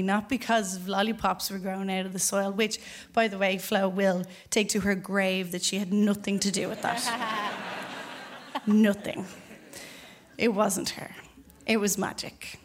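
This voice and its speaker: A young Irish woman telling a true personal story live onstage, animated, acting out the voices of the people in it and laughing between lines. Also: medium pitch. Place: theatre stage before an audience.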